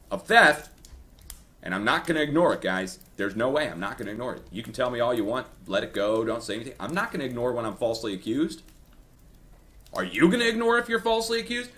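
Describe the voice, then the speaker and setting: A man's voice: on the low side, fairly bright tone. Indignant man ranting to his viewers. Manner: indignant, repetitive, addresses viewers as guys. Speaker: earthquake forecast video host. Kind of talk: heated personal rant to viewers.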